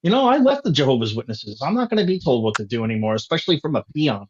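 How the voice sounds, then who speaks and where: A man's voice: mid-range voice, sing-song, very fast, slight background noise. A man in a casual chat, ranting hotly and swearing freely. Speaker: guest. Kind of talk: casual conversation. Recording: dull lo-fi sound.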